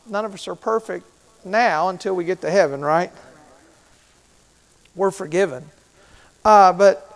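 A middle-aged pastor preaches a sermon in a high voice, asking his congregation questions and repeating key phrases.

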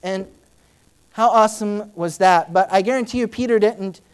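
A woman preaching a sermon in a conversational way, with many fillers, who acts out Bible scenes with sudden loud, high outbursts. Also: moderate pace, clear, resonant tone. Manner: dramatic, acting out Bible scenes in shifting voices.

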